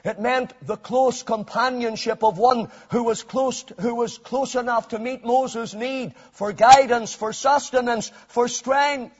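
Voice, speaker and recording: A high, husky male voice preaches with fervour, dropping to a hush and then rising to a shout on repeated phrases. The recording is dull and lo-fi. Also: steady tone, measured pace, few pauses. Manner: fervent, swings from hushed to shouted emphasis; repeats phrases for emphasis, old-fashioned scripture wording. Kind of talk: sermon.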